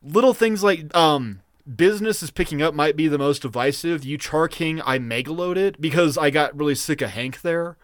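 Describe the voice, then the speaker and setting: A man chats casually as a podcast co-host, rambling and cursing freely as his thoughts run ahead of him. His voice sits a bit high for a man. The sound is dry, with no room around it. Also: normal speed, hardly any pauses, no room sound. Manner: rambling, profane, excitable. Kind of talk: casual chat.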